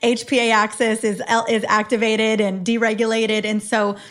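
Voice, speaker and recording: Forties woman, health-expert guest on a podcast, earnest, reflective delivery with frequent restarts, voice on the high side. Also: level tone, moderate pace. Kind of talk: casual conversation.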